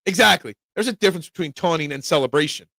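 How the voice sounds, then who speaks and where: Gravelly, high-voiced sports show host. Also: male voice, quick pace, no room sound. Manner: opinionated, excitable fan banter. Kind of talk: live sports talk, reading chat.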